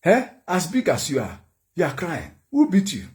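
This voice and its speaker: A man's voice: on the high side, huge pitch swings, normal speed, voice pushed up. A man putting on a fussing Nigerian mother. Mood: alarmed. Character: fussing worried African mother.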